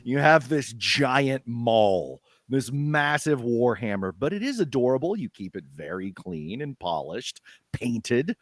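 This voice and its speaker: A man runs a tabletop game as game master, narrating slowly with an animated, swooping pitch. He fills pauses with "uh" as he goes. The sound is dry and close. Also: no echo. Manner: lively, unhurried, many fillers.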